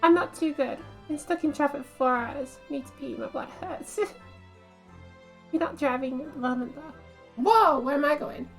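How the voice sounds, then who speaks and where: High-voiced, chatty woman streamer. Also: soft background music. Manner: chatty, amused, quick to laugh. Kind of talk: casual game commentary.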